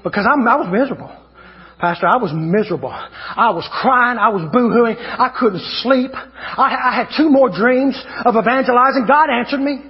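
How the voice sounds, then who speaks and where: A man preaching an evangelist's sermon, fervent and repetitive, rising to shouts at his peaks. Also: extremely high pitch, moderate pace, big-room sound, highs cut off. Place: church hall.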